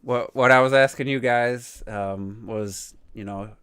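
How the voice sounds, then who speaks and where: A man hosts a casual gaming podcast from a home mic. His voice is smooth and clear at a middle pitch. He rambles, restarts his sentences and lets them trail off quietly. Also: a little slow, no room sound, clean studio sound. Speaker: podcast host.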